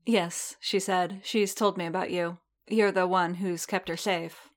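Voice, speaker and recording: A woman voicing a graceful alien mother with a Rillish accent, speaking in a light, musical, calm way. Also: fairly low pitch, measured pace, lightly acted.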